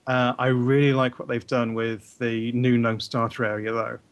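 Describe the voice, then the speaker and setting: A man co-hosting a casual gaming chat, explaining things enthusiastically while pausing often with fillers. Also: medium pitch, little pitch movement.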